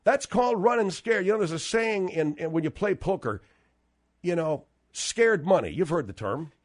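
A man's voice: high voice, expressive, moderate pace. A man hosting a talk show, ranting in a blunt, profane, combative way.

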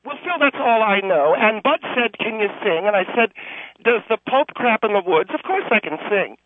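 High-voiced gossip lady played by a man, catty and prissy, prim whispered asides, muffled phone line, comedy radio bit. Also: lively intonation, normal speed, slight background noise. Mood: boastful. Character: gossipy female Hollywood entertainment reporter, prissy and catty. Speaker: entertainment reporter character.

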